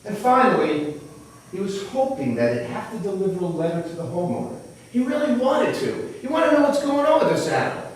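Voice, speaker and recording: A man hosting a round table talk, telling a story slowly and dramatically with pauses. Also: high-pitched, sing-song. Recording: echoey room, distant mic, faint noise.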